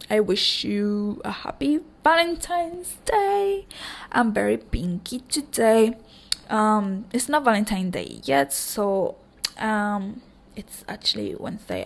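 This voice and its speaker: A young woman hosting a casual solo podcast, her voice hoarse and cracking, rambling with frequent ums and offering warm affirmations to listeners. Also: mid-range voice. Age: young adult. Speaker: podcast host.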